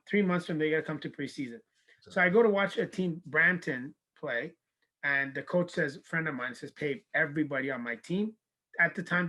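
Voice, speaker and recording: On a rough recording, a man with a higher-pitched voice talks casually over a video-call interview. He coaches university soccer, comes from Canada, and brings his stories to life by performing the dialogue of the people he quotes.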